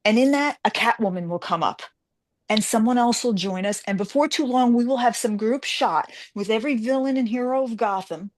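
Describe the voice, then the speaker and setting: A woman's voice: on the high side, brisk. A woman guest author in a casual interview, telling stories animatedly and acting out the voices of the people she quotes.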